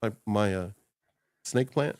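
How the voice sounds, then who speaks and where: Low-voiced man in animated casual chat. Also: slow, no room sound, clean studio sound. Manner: rambling and animated, laughing often and acting out quoted voices. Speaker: podcast co-host and social media coach. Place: small home studio upstairs.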